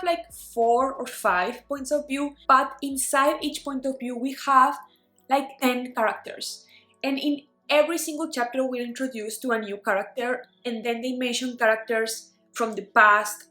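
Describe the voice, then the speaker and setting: Filming a casual vlog in her bedroom, a young book vlogger who grew up speaking talks through her reading day in a slightly high, pushed and bright voice. She's chatty and playful, leaning on "like" again and again. Light music sits under her voice in the echoey room.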